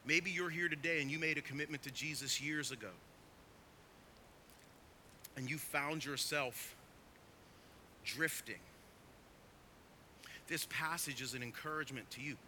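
A man preaching a sermon as pastor, emphatic, swinging from quiet asides to loud, urgent stresses. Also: a little high, measured pace, long pauses, a little hiss or hum.

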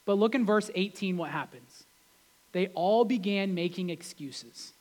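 Guy preaching, pretty high voice, chatty, keeps asking the crowd "right?". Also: a little slow. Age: adult with wife and kids. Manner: conversational, peppered with rhetorical questions. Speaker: pastor. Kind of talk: sermon.

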